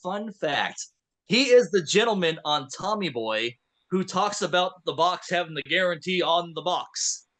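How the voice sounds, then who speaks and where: A man's voice: high-pitched, animated, measured pace, fairly bright tone. A man in his thirties chatting on a podcast, animatedly retelling a story and slipping into quoted character voices. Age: 30s. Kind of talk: casual podcast recap chat.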